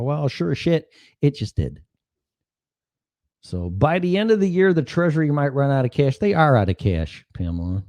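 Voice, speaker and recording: A man's voice: on the high side, big pitch swings, moderate pace, a little mellow, dry recording. A man hosting a casual solo livestream, rambling and sarcastic, swearing freely and jumping from topic to topic. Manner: rambling, sarcastic, profane, jumps between topics. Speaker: podcast host.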